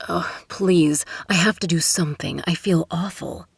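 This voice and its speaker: A woman's voice: lowish voice, a little slow, gravelly, breathy edge, no echo, heavily acted. A woman voicing a flustered, apologetic man who keeps rambling out apologies, in an audiobook romance.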